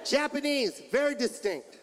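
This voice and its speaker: A man performing a stand-up comedy routine on a club stage, with a loud, punchy, exaggerated delivery. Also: extremely high pitch, animated, moderate pace. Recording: stand-up clip, loud crowd and noise.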